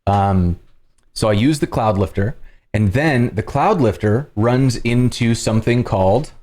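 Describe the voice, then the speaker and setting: A man hosting a livestream, explaining casually in a loud projected presenter voice with plenty of fillers, close on a compressed studio mic at home. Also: medium pitch, unhurried. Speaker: livestream host. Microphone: studio dynamic microphone with compression.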